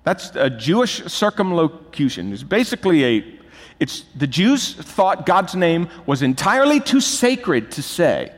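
A man's voice: a little high, sing-song, unhurried. A man preaching a sermon as pastor, emphatic and building to urgent, rising peaks. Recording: long reverb of a large hall.

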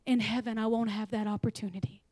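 A woman preaching a sermon to a church, animated and laughing, sometimes dropping into whispers. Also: mid-range voice, fast talker, no room sound, clean studio sound.

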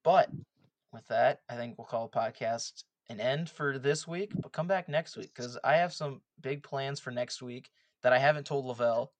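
A man's voice: mid-range voice, moderate pace, dry recording. A young man co-hosting a casual sports podcast, recapping draft picks with light teasing. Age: young adult. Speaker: podcast co-host.

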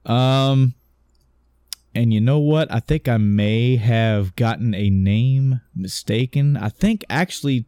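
Speaking at a moderate pace in a mellow, fairly low voice, this man co-hosts a casual podcast and retells a story. He wanders, corrects himself, tosses in offhand swearing and voices the characters' lines himself, with no echo on the recording.

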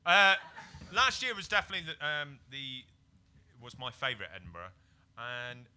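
A British man, a comedian guest, telling a comic story on a podcast, jumping between quiet mutters and excited bursts. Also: moderate pace, a little hiss or hum. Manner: animated, swings from low mutters to excited bursts.

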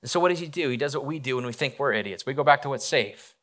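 A man's voice: medium pitch, animated, very fast, a bit bright. A man preaching a casual, conversational sermon, retelling a story with acted-out quotes and frequent restarts. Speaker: pastor.

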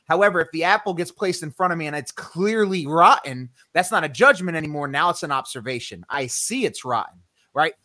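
A man with a slightly high voice teaching scripture on a casual faith podcast, emphatic and a little preachy, dropping slang as he goes. His voice sits dry and close, with no room around it. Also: lively intonation, brisk, bright, forceful tone, no echo. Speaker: podcast co-host.

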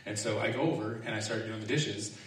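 A man preaching a sermon in a relaxed, self-mocking storytelling manner, often laughing as he speaks. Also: fairly low pitch, fairly quick. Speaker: pastor. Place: large echoing hall or sanctuary. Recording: echoey room, distant mic, faint noise.

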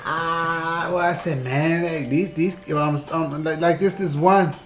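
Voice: medium pitch, slow. Co-host, casual storyteller, stammering restarts, roomy echo. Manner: animated, acts out quoted voices, stammering restarts. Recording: roomy echoey room.

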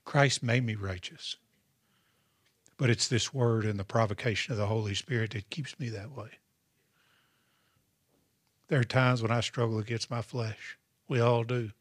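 A male pastor delivers a sermon in a husky voice of middling pitch. He preaches with call-and-response asides to his congregation. The sound is dry and close. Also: fairly even intonation, moderate pace, pauses often, no echo.

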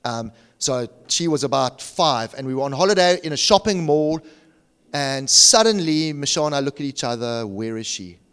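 Dynamic preacher man, hushed to shouting. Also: fairly high pitch, lively intonation, moderate pace, smooth. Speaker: pastor. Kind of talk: sermon.

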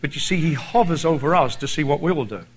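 A man's voice: a little high, lively intonation, fast talker, breathy edge, rough recording. A man with an Irish accent preaching a sermon as a visiting preacher, driving points home by repeating phrases. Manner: emphatic, repeats phrases for stress.

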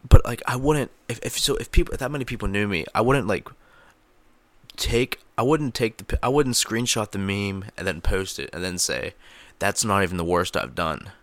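A man's voice: fairly low pitch, lively intonation, normal speed, dry recording. A man vlogging into a close mic, rambling in casual, profane commentary full of fillers. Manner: profane, filler-heavy, laughs at own jokes. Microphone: close microphone.

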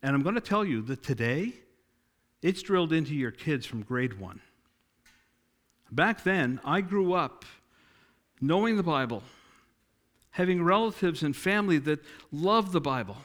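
A middle-aged man delivers a sermon with a slightly higher voice than most men. He tells stories emphatically and acts out the quoted dialogue. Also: sing-song, unhurried, long pauses, fairly bright tone. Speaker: preacher.

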